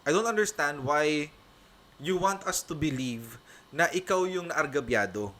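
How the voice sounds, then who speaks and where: Filipino male reaction host, bright and slightly high voice, emphatic and repetitive. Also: animated, normal speed. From Philippines. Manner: emphatic, repetitive, mixing English and Tagalog. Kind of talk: heated reaction commentary.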